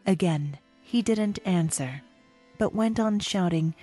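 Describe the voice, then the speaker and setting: Female audiobook narrator: low, warm tone, slow, measured delivery. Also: faint music behind. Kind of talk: audiobook reading.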